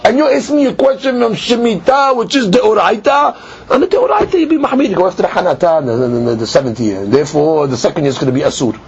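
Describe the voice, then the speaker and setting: A man teaching a lively Talmud class, acting out both sides of the argument. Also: high voice, fast talker, creaky, hardly any pauses, slight background noise. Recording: dull lo-fi recording.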